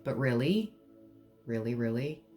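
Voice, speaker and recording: A woman with a low voice gives an unhurried, joking tarot reading. She keeps things light and sometimes breaks into song. Soft music plays faintly behind her. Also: lively intonation. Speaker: tarot reader. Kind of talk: pick-a-card tarot reading.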